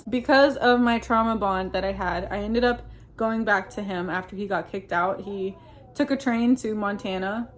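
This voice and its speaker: A woman talks straight to her audience, earnestly recounting a personal experience in a rambling, unscripted way. Her speech is full of fillers and restarts and leans on Christian religious phrasing. Her voice sits at an ordinary middle pitch. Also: a little hiss or hum. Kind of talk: casual storytelling monologue.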